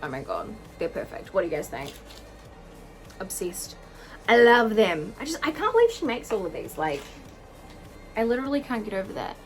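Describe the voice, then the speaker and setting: A young woman in her twenties unboxing earrings on a casual vlog, gushing and gasping with excitement. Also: mid-range voice, normal speed, long pauses, soft background music, rough recording. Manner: gushing, excitable, gasps and squeals often. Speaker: vlogger unboxing jewellery. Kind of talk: casual chat to camera.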